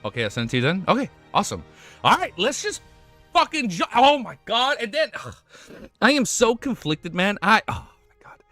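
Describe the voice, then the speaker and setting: A young man chats live on stream with a bright, animated voice that swings widely in pitch. He gets excitable, swears freely, stumbles over his words and laughs often. The mic is close and dry, with faint music underneath. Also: normal speed, no room sound. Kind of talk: casual livestream chat.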